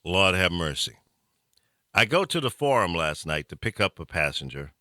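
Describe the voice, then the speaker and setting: Animated, bright-voiced male talk host. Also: low-pitched, moderate pace, no echo, clean studio sound. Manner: animated, chuckling storyteller. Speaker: radio talk show host. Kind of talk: casual storytelling chat.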